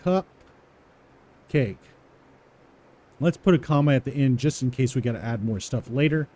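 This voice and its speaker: A man walking through a coding exercise, repeating words aloud slowly as he types them and chuckling to himself. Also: mid-range voice, animated, mellow. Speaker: coding tutorial presenter. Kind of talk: casual live coding walkthrough.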